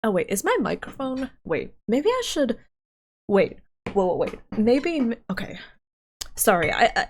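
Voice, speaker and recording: A woman's voice: fairly high pitch, a little mellow, slight background noise. A woman streamer chatting casually on a live stream into her microphone, giggly and flustered, often laughing and cutting herself off. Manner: giggly and flustered, frequent laughs and self-interruptions. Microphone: desk microphone.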